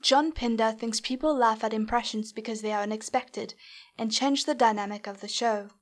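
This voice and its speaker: A woman reporter reading scripted narration in a measured, even way. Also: fairly high pitch. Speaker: radio reporter.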